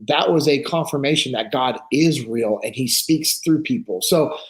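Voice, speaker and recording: A man with a medium-pitched voice talks at a moderate pace in a casual podcast conversation. Earnest and animated, he tells stories and acts out the quoted lines of the people in them.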